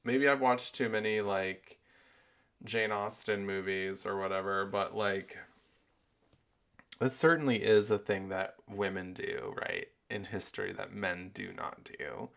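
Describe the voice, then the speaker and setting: A man with a lowish, gravelly, slightly bright voice hosts a podcast, speaking in an unhurried, steady tone. His casual monologue is rambling and profane, heavy on filler words, with allergies affecting his voice.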